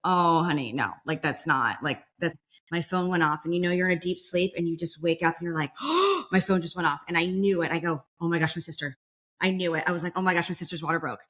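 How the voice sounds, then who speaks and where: A young woman chatting casually as a podcast guest, telling a long story and acting out the voices of the people in it. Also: lowish voice. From Florida. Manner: animated, acts out quoted voices.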